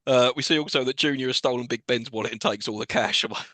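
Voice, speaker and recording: A man's voice: mid-range voice, quick pace, fairly bright tone, no room sound. A man co-hosting a podcast, recapping a film in casual chat and laughing often as he goes. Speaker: podcast co-host.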